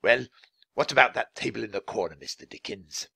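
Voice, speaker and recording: A stingy innkeeper whines and sneers in a shrill, pinched voice, put on by a man reading a storybook aloud. The sound is gravelly and sharp, recorded close and dry. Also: expressive, fairly quick, dry recording, exaggerated voice. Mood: sniffy. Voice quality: shrill, whining.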